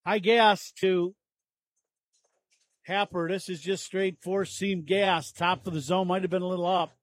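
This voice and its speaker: A man giving relaxed, chatty baseball color commentary from a ballpark booth, breaking down the pitches. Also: normal speed.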